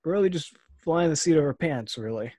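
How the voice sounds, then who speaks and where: A young man co-hosting a podcast in casual chat, laid-back and joking, trailing off softly. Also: a little high, animated, brisk, no echo, studio quality. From Chinese descent, speaks Mandarin. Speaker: podcast co-host.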